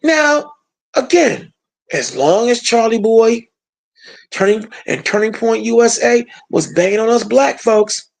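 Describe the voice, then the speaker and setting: Brief: gravelly commentator, emphatic and sarcastic, monologue delivery. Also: mid-range voice, animated, unhurried. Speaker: political commentator. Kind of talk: opinion monologue.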